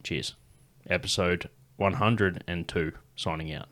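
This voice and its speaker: A man's voice: low-pitched, fairly even intonation, measured pace, fairly bright tone, a little hiss or hum. Sweary man telling stories. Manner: laid-back, sweary, laughing often. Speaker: comedian podcast host. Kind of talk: casual storytelling chat.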